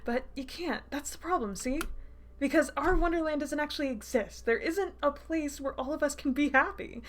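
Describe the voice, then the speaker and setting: A woman's voice: high voice, normal speed, voice pushed up, lightly acted. A woman voicing a sadistic male captor with a teasing, purring manner while reading a visual novel aloud. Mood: taunting. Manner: teasing, purring, lilting questions. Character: sadistic mock-sweet male captor, menacing.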